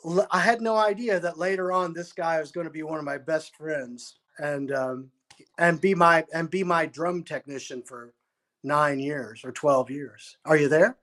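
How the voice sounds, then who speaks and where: A fairly high, slightly bright male voice at a measured pace. He's a musician guest telling a long story in an interview, acting out quotes and often restarting his sentences.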